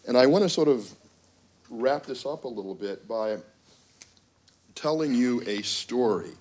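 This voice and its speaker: A man's voice: medium pitch, expressive, a little slow, a little mellow. A middle-aged man, a university dean, giving a symposium talk full of wry asides and acted-out quotes. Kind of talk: symposium speech with anecdotes. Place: conference room.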